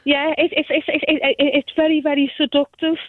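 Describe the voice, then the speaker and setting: High-voiced Scouse woman on the phone. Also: flat delivery. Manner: earnest, halting, searching for words. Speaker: radio phone-in caller. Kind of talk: casual phone-in chat. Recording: tinny phone line.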